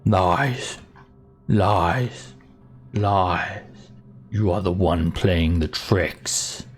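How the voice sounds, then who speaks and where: A man voicing a hostile male stone giant in a tabletop game, speaking slowly and threateningly with a booming voice. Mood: menacing.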